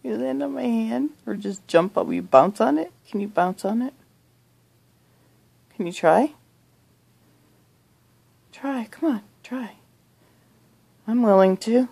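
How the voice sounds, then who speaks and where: A middle-aged woman murmurs in a slow, half-whispered coo. Her voice is gravelly and husky with a dark, mellow tone. She speaks to the room around her with tender affection. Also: fairly high pitch, animated. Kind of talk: soft-spoken recorded monologue. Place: bedroom at night.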